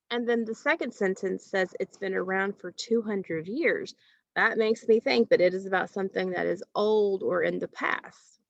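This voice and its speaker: A woman teacher giving a recorded phonics lesson to children, asking questions and pausing patiently for answers. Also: mid-range voice, gravelly, fairly bright tone, no room sound, muffled recording. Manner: slow, patient, asks questions and pauses for answers.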